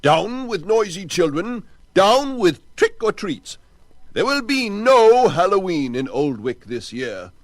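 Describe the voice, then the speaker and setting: A man voicing a blustering, grumpy old gentleman who shouts and thunders on a storybook record. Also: high-pitched, big pitch swings, slow, no room sound, pitched above the performer's own voice, exaggerated voice. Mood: ranting.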